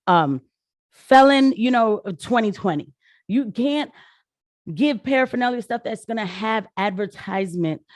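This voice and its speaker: A young woman vlogging casual political commentary, animated and sarcastic, talking straight to her viewers. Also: medium pitch, no room sound, clean studio sound.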